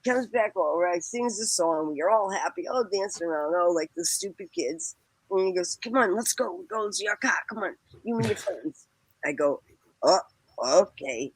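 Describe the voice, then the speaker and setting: A woman, telling a lively story as a podcast guest and acting out the voices in it. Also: medium pitch, moderate pace, vocal fry, husky, dry recording, rough recording. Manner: acts out quoted voices, laughs often. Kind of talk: animated anecdote telling.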